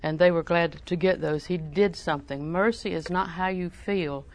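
A woman's voice: lowish voice, steady tone, moderate pace. An older woman preaching a sermon in a folksy, storytelling way, with emphatic repetition.

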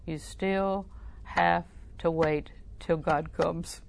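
Lady preacher, lowish gravelly voice, storytelling sermon with lots of questions to the crowd. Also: fairly even intonation, extremely slow, a little hiss or hum. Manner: storytelling, quoting scripture, rhetorical questions.

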